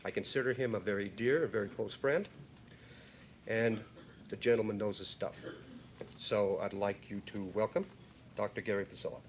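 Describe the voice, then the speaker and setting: Host intro, low male voice, warm and formal, heavy noise behind. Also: normal speed, pauses often.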